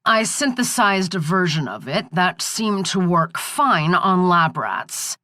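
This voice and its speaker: A woman's voice: fairly low pitch, lively intonation, slow, bright, forceful tone, dry recording, studio quality, exaggerated voice. A woman reading the part of a ruthless male scientist who threatens and coldly explains himself, in a menacing, matter-of-fact way. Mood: coldly explaining.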